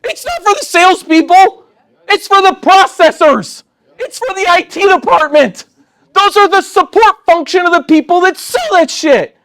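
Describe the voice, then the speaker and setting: A man with a Texan accent, a company chairman giving a fired-up motivational speech on stage, intense, blunt and profane, often shouting. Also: extremely high pitch, expressive, normal speed.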